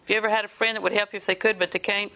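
A woman's voice: mid-range voice, little pitch movement, rapid-fire, vocal fry, sharp tone. An older woman preaching a sermon, telling folksy family stories and laughing often between points.

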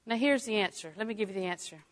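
An older woman teaching a Bible lesson in a folksy way, dropping to a hush and rising to exclaim. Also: mid-range voice, quick pace. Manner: folksy, swings from hushed to exclaiming.

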